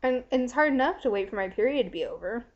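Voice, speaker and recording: A woman's voice: on the high side, expressive, fast. Chatty young woman on a lo-fi webcam. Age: young adult. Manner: chatty, frank, giggly, lots of "like" fillers. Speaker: vlogger. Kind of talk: casual video letter to a friend. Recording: dull lo-fi webcam audio.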